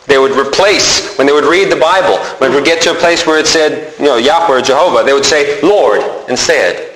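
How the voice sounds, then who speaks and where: A man preaching a sermon in an animated way, acting out the voices he quotes. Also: on the high side, a little fast. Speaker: pastor. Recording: roomy hall reverb, faint noise.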